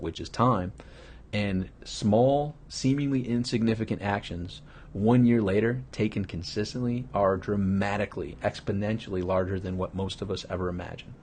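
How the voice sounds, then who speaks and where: Low, husky male business trainer. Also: a little mellow. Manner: casual, rambling storytelling with restarts. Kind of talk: live online training talk with anecdotes.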